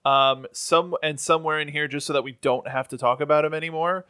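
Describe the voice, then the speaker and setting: Smooth-voiced man, halting casual recap. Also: fairly high pitch, steady tone, bright, forceful tone, dry recording, clean studio sound. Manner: halting recap with many ums and likes. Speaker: podcast co-host. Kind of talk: casual chat.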